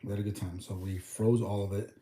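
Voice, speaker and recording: A young American man hosts a livestream, chatting casually and rambling in a lowish, level, warm voice at a fairly quick pace. He talks to his chat and thinks aloud with numbers, and the room sounds echoey.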